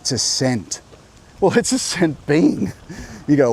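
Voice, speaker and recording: A man's voice: fairly high pitch, very animated, slow pace, slightly rough. A man talking to camera while walking a coastal path outdoors, musing and rambling, often breaking off mid-thought. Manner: rambling, musing, self-interrupting. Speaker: host. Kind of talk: walking vlog monologue. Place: outdoor coastal walk by a beach. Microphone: clip-on mic.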